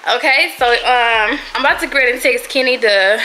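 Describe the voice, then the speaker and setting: A young woman talking to her viewers while babysitting a niece and nephew, animated and emphatic, often laughing. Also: on the high side, a little fast, low-quality recording. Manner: animated and emphatic, laughing often, loud when the baby cries. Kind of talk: casual vlog talk to viewers. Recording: clear background noise.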